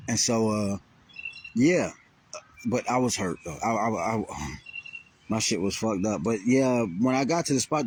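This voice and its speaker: A man's voice: medium pitch, a little mellow, husky. A man telling a rambling, profane story on a casual outdoor livestream. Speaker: vlogger. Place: outdoors, riding around a graveyard.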